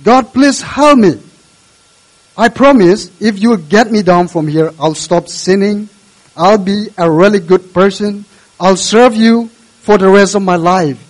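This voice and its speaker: A man's voice: high voice, a little slow, rough recording. A man voicing a desperate man clinging to a branch over a cliff, pleading for help. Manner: pleading, frantic calls for help.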